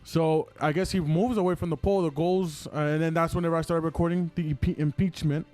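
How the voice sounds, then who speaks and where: A young man on a casual podcast recounts events in an animated rush, leaning on "like" as he goes. His voice sits a little high for a man, with faint music under the talk. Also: fast talker. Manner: animated retelling, heavy use of "like". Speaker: podcast co-host. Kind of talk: casual chat.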